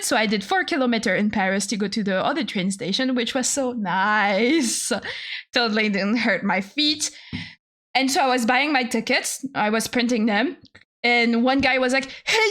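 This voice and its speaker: A woman's voice: a little high, bright, forceful tone. A young adult woman streamer telling stories in a casual, profane, exasperated rant, laughing often.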